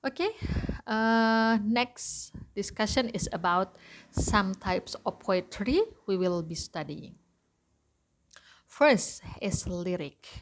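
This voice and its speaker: A woman with an Indonesian accent teaches a literature class, walking through each point step by step. She speaks slowly and deliberately, often switching between English and Indonesian. Her pitch sits in a middle range. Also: expressive. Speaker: literature lecturer. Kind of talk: recorded lecture.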